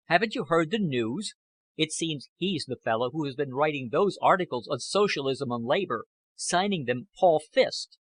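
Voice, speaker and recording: Man reading as a scheming man, curt and evasive, husky voice, measured. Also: fairly high pitch, expressive, no echo.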